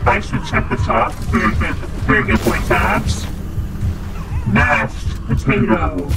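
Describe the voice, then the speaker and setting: Woman through a voice changer as an evil potato, high swooping voice, slow drawl, voice-changer effect, far mic over loud game music. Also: big pitch swings, exaggerated voice. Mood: mock-evil. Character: evil talking potato, grumbly and mock-menacing.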